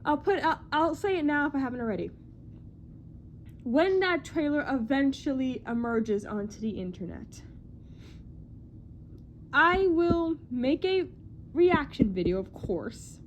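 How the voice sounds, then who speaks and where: A young woman chatting casually in a vlog about movie news, excitable and rambling, often self-deprecating and full of "like". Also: high voice, unhurried, long pauses, highs cut off, a little hiss or hum.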